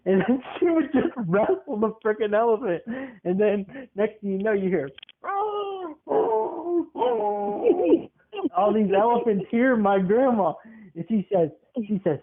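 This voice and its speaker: High-voiced man telling a rambling comic story. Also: sing-song, unhurried. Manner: rambling, laughs often. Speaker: podcast co-host. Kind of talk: comedic storytelling. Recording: tinny phone-like sound.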